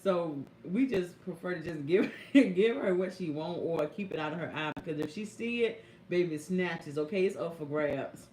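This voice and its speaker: A young woman caregiver telling stories on a live stream, speaking AAVE and talking to viewers in a lively, chatty way. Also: fairly low pitch, moderate pace, a little hiss or hum. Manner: animated, chatty, addresses viewers as y'all and baby. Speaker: caregiver vlogger. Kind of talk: casual live-stream storytelling. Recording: echoey room.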